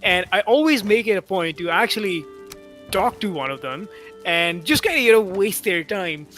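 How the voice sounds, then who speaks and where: A man's voice: sits high, lively intonation, moderate pace, fairly bright tone, faint music behind. A man chatting on a gaming stream, a laughing storyteller. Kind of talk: casual voice chat.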